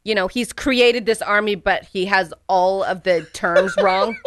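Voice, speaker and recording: A woman's voice: mid-range voice, unhurried, slight background noise. A woman co-hosting a casual book discussion podcast, chatting with amused energy. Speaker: podcast co-host.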